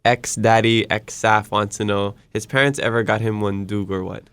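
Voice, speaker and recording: A man's voice: lowish voice, level tone, normal speed, fairly bright tone, clean tone, dry recording. A man hosting a podcast, friendly and affirming, reading listener questions and laughing a lot. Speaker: podcast host. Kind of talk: casual interview chat.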